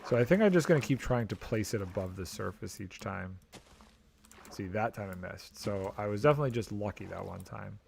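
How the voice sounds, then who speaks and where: A man's voice: fairly low pitch, animated, brisk, creaky, a little mellow, slight background noise. A man streaming a video game, chatting casually and thinking aloud, mildly exasperated and joking as he plays, talking into a desk microphone. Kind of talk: casual gameplay commentary.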